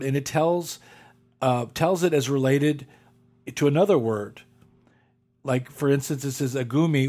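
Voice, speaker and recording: A man's voice: mid-range voice, a little mellow. A man teaching a Bible study class, walking listeners through reference tools step by step, with occasional fillers and restarts. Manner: methodical, walks through numbered steps with fillers. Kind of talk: instructional lecture.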